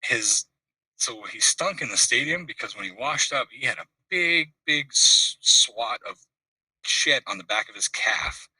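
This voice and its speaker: Animated man telling a story over a call. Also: mid-range voice, measured pace, husky, dry recording, far from the mic, poor audio. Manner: animated, acts out voices in anecdotes, laughs often. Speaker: call-in guest. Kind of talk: casual storytelling. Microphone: video call.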